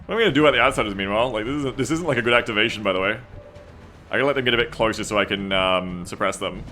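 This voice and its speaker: A man's voice: lowish voice, racing, pushed and bright, soft background music. A man streaming a strategy game, chatting casually with viewers and reading their messages aloud in a playful, teasing way, laughing often.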